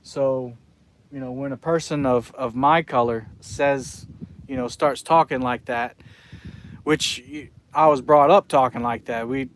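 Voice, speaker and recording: Out fishing by the water, a live streamer from South Carolina talks casually with his viewers, drifting from one thought to another. He speaks unhurriedly in a medium-pitched, fairly even voice, with slight background noise.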